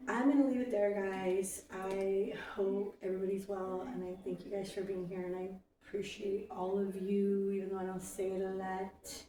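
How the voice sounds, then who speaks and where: Woman host, casual card reader, mellow tone, chatty and a bit profane, roomy distant sound. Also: mid-range voice, little pitch movement, a little slow. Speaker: host reading oracle cards. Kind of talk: casual card-reading livestream. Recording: roomy, distant from the mic with faint noise.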